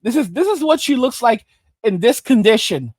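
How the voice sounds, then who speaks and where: A man's voice: very high voice, big pitch swings, moderate pace, darkish tone, no room sound, clean studio sound. Blunt, emphatic male commentator. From Arizona. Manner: emphatic and blunt, keeps tagging "all right?". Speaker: online commentator. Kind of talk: reaction commentary.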